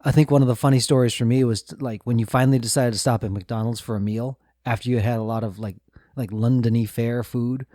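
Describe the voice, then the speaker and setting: Recorded dry in a clean studio, this middle-aged man speaks quickly in a steady, dark, medium-pitched voice. He hosts a relaxed podcast conversation, reflecting thoughtfully, steering with guiding questions, laughing softly, and recounting his travels.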